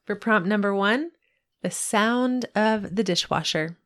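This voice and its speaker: Woman co-host, mid pitch, upbeat and clear when explaining rules. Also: unhurried, a bit bright. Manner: upbeat, explains steps plainly. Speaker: podcast co-host. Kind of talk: casual chat and reading a short story aloud.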